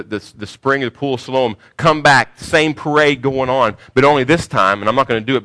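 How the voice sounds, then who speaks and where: A man preaching a sermon, swinging from hushed, slow phrases to loud cries, sometimes repeating words as he searches for the next one. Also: medium pitch. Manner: emphatic, repeats words while searching for them. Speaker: pastor.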